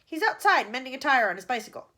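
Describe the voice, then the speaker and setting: A woman reading aloud, voicing a soft-spoken, apologetic male assistant premier who stumbles over his words. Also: high voice, big pitch swings, fast, full character voice.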